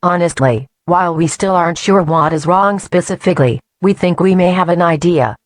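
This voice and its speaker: A woman's voice: lowish voice, moderate pace, no echo, lightly acted. A woman playing a composed, guarded hospital staff member in an amateur audio drama. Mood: firm.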